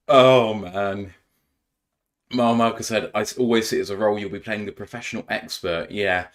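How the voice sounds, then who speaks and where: A man's voice: on the low side, steady tone, moderate pace. A young man hosting a casual podcast, chatting and joking about himself with frequent laughs. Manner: laughing, self-deprecating banter. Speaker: podcast host. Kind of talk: casual live podcast chat.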